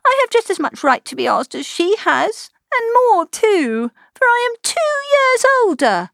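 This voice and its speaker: A woman voicing a peevish, whining teenage girl in a storybook reading, her voice pitched well above her own. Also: very animated, measured pace, gravelly, fairly bright tone, dry recording, clean studio sound, full character voice. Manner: whiny, complaining.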